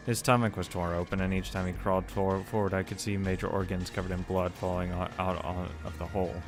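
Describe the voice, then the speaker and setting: A man reading a visual novel aloud, who stumbles over words, restarts them, and swears in casual asides. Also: sits low. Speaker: let's play narrator.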